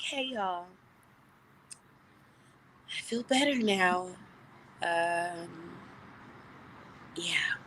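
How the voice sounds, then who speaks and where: A woman in her thirties, a guest telling stories in a casual, profane way and acting out quoted lines in loud, high voices. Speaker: celebrity guest. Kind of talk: casual storytelling chat.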